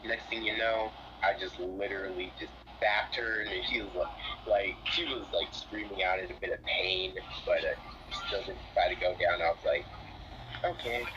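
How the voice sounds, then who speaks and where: A man casually telling a role-play story in an animated, rambling way. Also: low-pitched, normal speed. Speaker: storyteller in a what-if collab. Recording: dull lo-fi mic, faint hiss.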